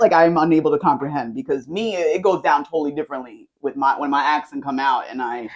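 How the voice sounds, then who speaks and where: A woman hosting a casual chat, telling stories in an animated way with lots of fillers. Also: low-pitched, fast talker, few pauses. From United States. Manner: animated storytelling with frequent fillers. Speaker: host.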